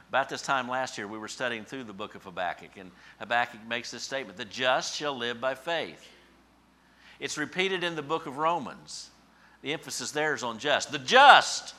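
A man preaching a sermon as pastor, swinging from hushed, slow scripture lines to loud emphatic peaks. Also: mid-range voice. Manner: emphatic, with dramatic swells and hushed drops; slows down for scripture quotes.

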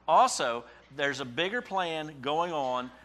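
Slowly and with lively intonation, a pastor with a fairly high, fairly bright voice delivers a sermon in a conversational style. He keeps checking in with asides ending in "okay?" and climbs sharply in pitch when voicing a prophet's cries.

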